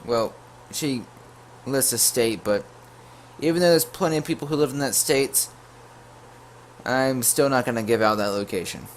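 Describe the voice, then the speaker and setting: A man casually telling a storytime tale to his viewers, full of jokey asides and quick self-corrections. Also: medium pitch, slight background noise. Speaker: YouTube storyteller.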